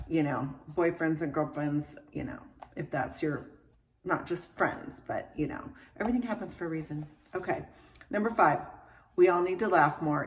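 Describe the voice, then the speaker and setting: A woman in her fifties with a Southern American accent, chatting and gushing about a book, laughing often. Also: lowish voice. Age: 50s. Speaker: book reviewer. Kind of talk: casual chat.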